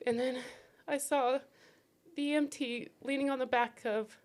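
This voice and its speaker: Grieving woman guest, emotional testimony; higher voice, halting broken phrasing, near tears. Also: steady tone. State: grief-stricken, near tears. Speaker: podcast guest, bereaved mother.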